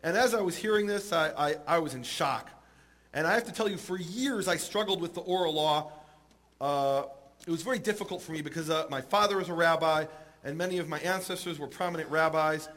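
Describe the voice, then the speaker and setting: A man telling a religious story to an audience, animated and rising at the climaxes. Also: a little high, fairly quick. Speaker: speaker. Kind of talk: storytelling sermon.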